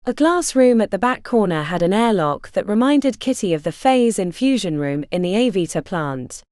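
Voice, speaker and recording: Expressive woman narrating an audiobook. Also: mid-range voice, normal speed, no room sound, clean studio sound.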